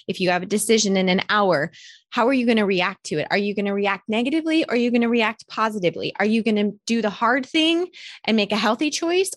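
A woman podcast host in her thirties delivering a motivational monologue with a fairly high voice. She speaks emphatically and candidly, swearing freely. The recording is dry and close. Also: no room sound. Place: hotel room.

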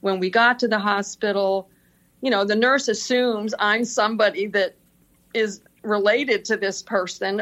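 A woman's voice: medium pitch, measured pace, a bit bright. A middle-aged woman, a podcast guest, telling work stories casually and laughing often. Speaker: podcast guest, senior executive assistant. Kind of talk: casual interview storytelling.

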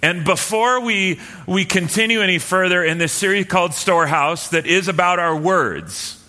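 A man preaching a sermon in a relaxed, storytelling way, with many fillers and restarts. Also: high-pitched, moderate pace, in a large hall. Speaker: pastor. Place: church hall with live and online audience.

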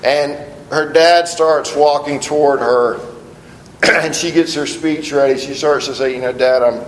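Earnest pastor preaching in an echoey hall. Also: male voice, fairly high pitch, fairly even intonation, measured pace, a little hiss or hum. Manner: earnest, often restarting and repeating words. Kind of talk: sermon.

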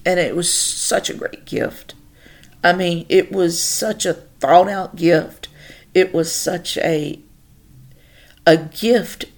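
A woman's voice: sits low, gravelly. A woman hosting a podcast alone, chatting and rambling through personal stories, swearing casually. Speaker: podcast host. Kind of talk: casual solo storytelling monologue.

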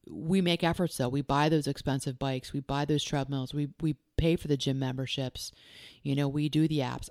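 A woman's voice: extremely low pitch, a little mellow, no room sound, studio quality. A woman who works as a life coach and hosts a podcast. She talks earnestly and directly, firing off strings of probing questions and repeating key phrases for emphasis.

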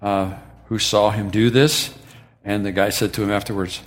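Pastor, male, lower voice, enthusiastic and encouraging in sermon and prayer. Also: steady tone, moderate pace. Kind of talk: sermon and church announcements.

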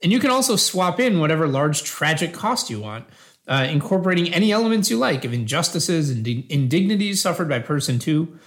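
In a scripted philosophical dialogue, a man voices an earnest debater defending utilitarian ethics, measured and patient. His pitch runs on the high side with lively intonation, and his mood is calm.

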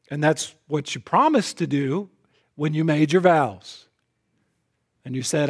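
At a moderate pace, a preaching pastor drives his sermon emphatically. He often repeats words as a phrase begins, and his volume swings from loud punches down to soft, lowered asides.

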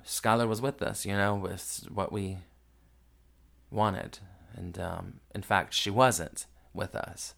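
A podcast host tells a family story in a casual monologue that feels raw, emotional and unedited. His low voice is steady, gravelly and fairly bright, and he takes his time.

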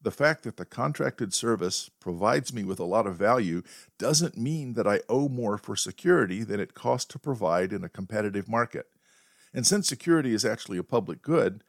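A man hosting a podcast, telling a wry, deadpan story in a monologue. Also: fairly low pitch, no echo, clean studio sound. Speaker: podcast host.

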